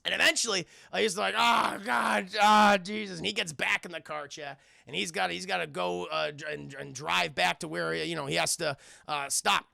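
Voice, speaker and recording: A young man reviewing a film with his live chat, casual and profane, acting out lines loudly. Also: on the high side, a little fast, gravelly, hardly any pauses, no echo. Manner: profane, animated, acts out quotes loudly.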